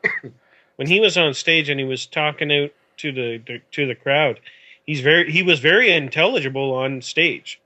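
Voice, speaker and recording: A man from Canada, a podcast guest chatting casually, eager and quick to jump in and agree. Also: on the high side, pushed and bright, lo-fi sound. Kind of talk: casual chat.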